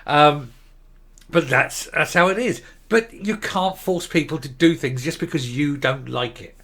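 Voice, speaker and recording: A man's voice: a little high, a little slow, bright, forceful tone. Sarcastic older man ranting. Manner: sarcastic, combative, scornful. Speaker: commentary host. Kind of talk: opinion commentary rant.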